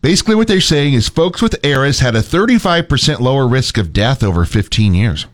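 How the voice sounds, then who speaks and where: A man's voice: mid-range voice, big pitch swings, fairly quick, no echo. A man hosting a morning radio show, chatting casually and making dry, self-deprecating jokes.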